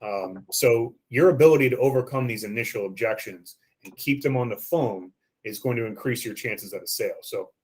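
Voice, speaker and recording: A man's voice: medium pitch, brisk, a little mellow, breathy edge. A man giving a training lesson on phone sales scripts, coaching listeners and acting out the script lines.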